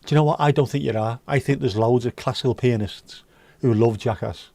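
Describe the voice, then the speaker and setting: A livestream host's medium-pitched voice comes out creaky and dark, a little fast, with no room sound. He reads viewers' chat and jokes back with plenty of swearing in casual conversation.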